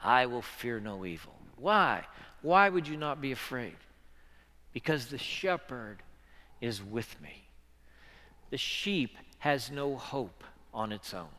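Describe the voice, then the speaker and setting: A man preaching a sermon as pastor, earnest, moving between hushed passages and loud, swelling ones. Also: medium pitch, lively intonation, slow pace, pauses often, long reverb tail.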